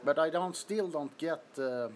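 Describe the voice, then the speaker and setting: This livestream host, a man sweating in the heat of his apartment bedroom, chats casually on a phone recording, greeting viewers and laughing often. His voice is fairly high and a little mellow, unhurried in delivery, with a slight hiss or hum behind it.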